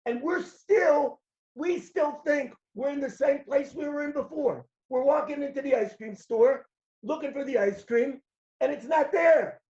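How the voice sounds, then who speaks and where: A man preaches as a rabbi and tells his stories with animation. He acts out the characters' voices and shouts at the peaks. The sound is roomy and dull, like a lo-fi hall recording. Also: extremely high pitch, measured pace. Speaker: rabbi giving a talk. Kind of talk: sermon with stories.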